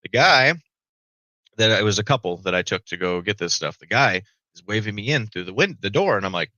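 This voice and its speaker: A man's voice: lowish voice, expressive, fast talker, sharp tone, no room sound, lo-fi sound. A middle-aged man, a podcast guest, telling a story in a casual way, swearing freely and tagging lines with "right?".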